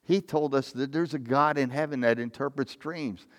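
A man's voice: medium pitch, normal speed. A man preaching a sermon, retelling a Bible story in an informal way, often correcting himself as he goes and reading out verses. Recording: long hall reverb.

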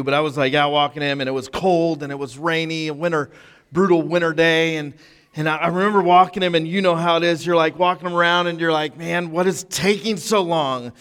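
A man's voice: a little high, fairly bright tone, clean tone. A man preaching a sermon in a casual, conversational storytelling way, full of fillers. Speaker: pastor. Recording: long hall reverb.

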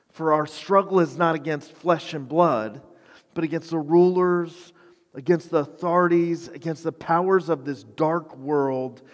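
A man preaching with animated, self-deprecating humor, his voice pitched a little high for a man. The sound carries a long hall reverb behind it. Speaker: pastor. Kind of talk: sermon.

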